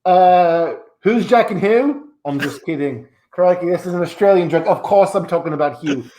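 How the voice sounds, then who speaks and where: A man's voice: sits high, normal speed, warm tone, close to an everyday voice. A man playing a rambling, self-important actor who claims to be Shrek, his fake accent slipping between Scottish and Australian, heard over an echoey video call. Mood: boastful.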